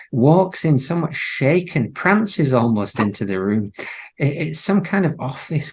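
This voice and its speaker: A man with a husky, mid-pitched voice recaps a scene for a casual podcast. He keeps the delivery lively and voices the quoted lines as he goes. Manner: animated, acts out quoted lines while recapping. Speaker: podcast co-host.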